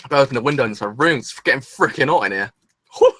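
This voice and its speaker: A man's voice: medium pitch, animated, fast talker, fairly bright tone. A young man hosting an anime reaction video, gushing and exclaiming in a breathless, rambling way. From England. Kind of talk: excited solo reaction video.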